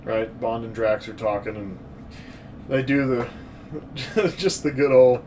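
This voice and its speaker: A man co-hosting a casual movie review podcast, rambling and animated and laughing often as he recaps scenes. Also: medium pitch, unhurried, distant mic, background noise. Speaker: podcast co-host.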